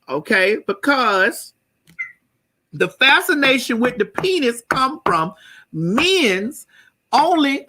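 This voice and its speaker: A woman hosts a morning show with a rambling comedic rant, loud and full of profanity. Her bright, sharp voice swoops wildly up and down and often breaks into shouting. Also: a little high. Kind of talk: comedic unscripted rant to viewers.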